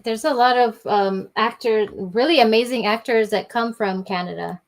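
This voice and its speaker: Woman co-host, a bit high voice, chatty and gushing, lots of likes and ums. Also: moderate pace. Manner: chatty, gushing, filler-heavy. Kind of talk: casual chat.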